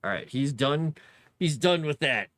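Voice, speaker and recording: A man's voice: fairly high pitch, lively intonation, measured pace, a bit bright, no room sound. A man casually chatting while building a fantasy map, muttering to himself and cooing at his cat. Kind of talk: casual livestream chat while working.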